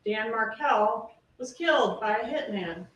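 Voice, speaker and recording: Female prosecutor, slightly high voice, emphatic closing to a jury, heard from across a roomy courtroom. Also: lively intonation, a little slow, a bit bright, lo-fi sound. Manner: emphatic, rhetorical questioning. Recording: roomy courtroom audio from a distance, faint hiss.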